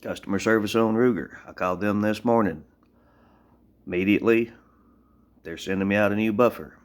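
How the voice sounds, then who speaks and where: Man from Tennessee, very low voice, plainspoken vlogger filming on a phone, rambling and blunt. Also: fairly quick. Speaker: gun owner vlogger. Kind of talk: casual show-and-tell gun review.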